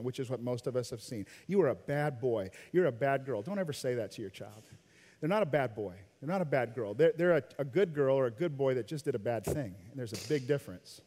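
Animated pastor in a reverberant hall. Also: male voice, mid-range voice. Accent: Midwestern American. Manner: animated storytelling, acting out quoted lines, laughs often. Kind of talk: sermon. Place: church auditorium.

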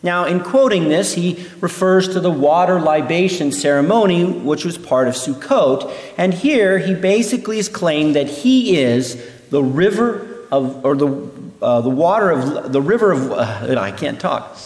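A man teaching through a Bible passage in an animated way, acting out the voices he quotes. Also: on the high side, measured pace. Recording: echoey hall reverb.

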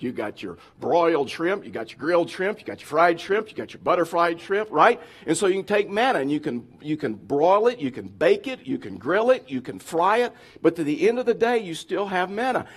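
Animated man preaching a sermon. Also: on the high side, a little fast, few pauses, breathy edge. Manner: animated, acts out whiny complaining voices. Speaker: pastor.

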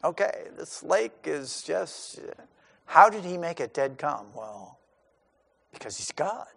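A man preaching a sermon in an animated way, acting out the people in the story in quick asides. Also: fairly high pitch, gravelly, husky. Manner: animated, acts out the disciples' panic in asides. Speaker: pastor.

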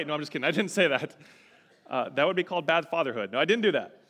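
A man's voice: fairly high pitch, brisk, long pauses. Male pastor preaching in a reverberant hall. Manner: expressive storyteller, building to fervent exhortation. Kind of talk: sermon with personal storytelling. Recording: long reverb, large hall.

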